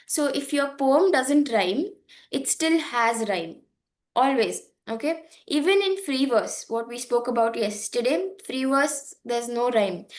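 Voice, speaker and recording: A young woman teaching an online poetry lesson from slides, explaining patiently with frequent fillers and check-ins. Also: high-pitched. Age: young adult.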